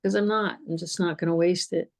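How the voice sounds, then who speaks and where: A woman speaking as a guest and cancer survivor, telling stories in a casual, animated way that often repeats words and breaks into laughter. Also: fairly low pitch, fairly quick, creaky. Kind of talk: casual conversational storytelling.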